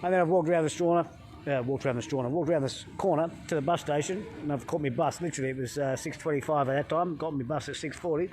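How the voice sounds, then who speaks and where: A middle-aged man from England, a health coach vlogger telling a travel story in a swearing, animated way, talking into a phone outdoors by a hotel pool. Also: on the high side, fast talker, slight background noise.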